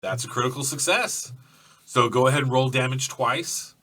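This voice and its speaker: Bright-voiced man running a tabletop game. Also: medium pitch, moderate pace, recorded from a distance. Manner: loose, profane, filler-heavy storytelling. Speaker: game master.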